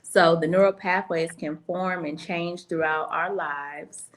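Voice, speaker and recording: A woman's voice: on the low side, steady tone, measured pace. A woman co-hosting a radio show, talking casually in a loose, chatty way. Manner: chatty, loose, many fillers. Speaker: radio co-host.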